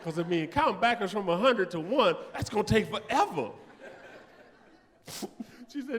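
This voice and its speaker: A high, lively male voice doing stand-up on a theater stage, lurching from hushed asides to loud punchlines. He acts out the people in his story with big swings in tone. The sound rings with the long reverb of a big hall. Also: moderate pace, long pauses. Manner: animated, acts out both sides of conversations with big vocal swings. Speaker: stand-up comedian.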